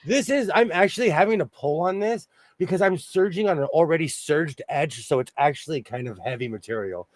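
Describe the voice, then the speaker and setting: Chatty guy running a sewing stream, talks a mile a minute, voice jumps all over, sort of high, dry sound. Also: no room sound. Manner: fast-talking, animated, self-deprecating; talks out of the sides of his mouth. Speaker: sewing livestream host. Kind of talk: casual chat while sewing.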